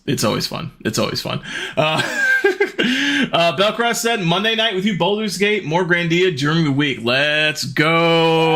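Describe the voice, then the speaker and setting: A man in his thirties chatting casually on a live stream, greeting viewers and laughing often. His voice is bright and ringing, pitched a touch high for a man. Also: slight background noise.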